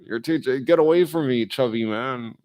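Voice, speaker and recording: A man's voice: medium pitch, normal speed, darkish tone, pitched above the performer's own voice, natural voice. A man voicing a snooty person who sneers at a chubby friend, in a raised, mocking tone. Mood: sneering. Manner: sneering, dismissive.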